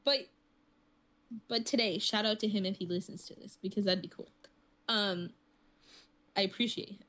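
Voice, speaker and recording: A woman's voice: mid-range voice, steady tone, normal speed, fairly bright tone. A woman co-hosting a podcast, telling an amused story in casual chat. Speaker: podcast co-host.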